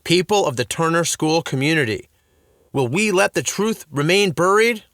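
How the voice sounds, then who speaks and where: A man's voice: on the high side, normal speed, a bit bright, no echo, clean studio sound, voice pushed up. A man doing a goofy detective dad. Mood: theatrical. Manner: theatrical, conspiratorial.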